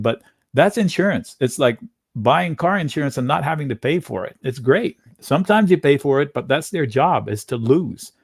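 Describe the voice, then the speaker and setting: A man in a dry, close-miked room hosting a live trading stream. He talks casually and thinks out loud, jumping from point to point as he reads charts. His pitch sits mid-range for a man. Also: creaky, dry recording. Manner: casual, chatty, thinks aloud while reading charts. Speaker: options trading webinar host. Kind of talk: live market commentary.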